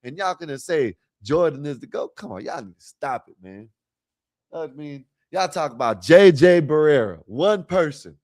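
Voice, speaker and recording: A man's voice: on the high side, very animated, normal speed, a little mellow, no room sound, studio quality. A man hosting a livestream, rambling casually and talking straight to his viewers. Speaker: livestream host.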